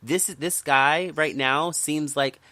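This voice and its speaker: A man's voice: a little high, steady tone, takes it slowly, pushed and bright, no echo. Impassioned man talking politics. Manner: impassioned, emphatic, repeats words when worked up. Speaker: podcast host. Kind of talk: casual political chat.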